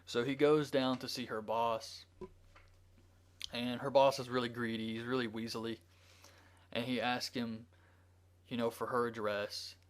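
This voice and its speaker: A man's voice: mid-range voice, level tone, unhurried, pauses often. Man casually recapping a movie plot. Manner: rambling, with frequent ums and likes. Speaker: movie reviewer.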